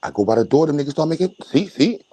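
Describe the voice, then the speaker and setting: A young adult man, hosting a casual livestream rant, loud and profane, streaming from a phone at home. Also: on the high side, quick pace. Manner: loud, animated, profane storytelling with bursts of laughter. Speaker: stream host. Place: at home, moving between a room and the doorway outside.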